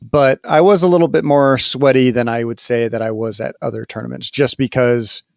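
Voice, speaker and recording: A man co-hosting a casual gaming podcast, telling stories in an animated way with plenty of fillers and laughs. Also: medium pitch, normal speed, gravelly, smooth, no room sound, studio quality. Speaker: podcast co-host. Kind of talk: casual chat.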